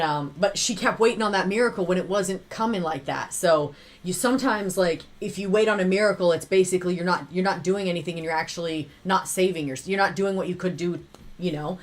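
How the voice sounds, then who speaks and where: A woman co-hosting a reaction video, sharing reflective personal thoughts in a casual chat. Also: on the low side. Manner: reflective, tells personal stories with many fillers.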